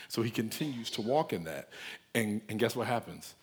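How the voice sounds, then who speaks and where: A man's voice: on the low side, moderate pace, slightly rough. A man preaching a conversational sermon, earnest and emphatic, speaking off the cuff.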